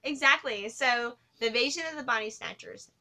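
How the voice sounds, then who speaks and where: Excitable, cursing woman co-host. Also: fairly high pitch, a little fast. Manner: excitable, profane, giggly. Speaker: co-host of a horror web series. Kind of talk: casual chat.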